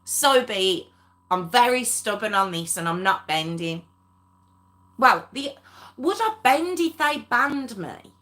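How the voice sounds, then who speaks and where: A woman's voice: a little high, animated, slow, sharp tone. A woman hosting a true crime livestream, chatting casually with viewers, laughing often and addressing them by name. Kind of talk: casual live chat with viewers.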